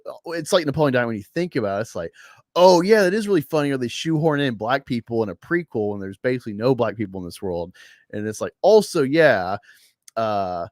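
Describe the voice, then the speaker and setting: Man, host, casual reaction chat, mid-pitched voice, rambling with fillers, dry sound. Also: animated, quick pace, dry recording. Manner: rambling, many fillers, laughs at own jokes.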